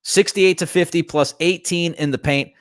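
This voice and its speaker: Fired-up male sports talk host with a fairly high voice, recorded dry and close. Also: normal speed, no room sound. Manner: animated, emphatic, ranting. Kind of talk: solo sports talk commentary.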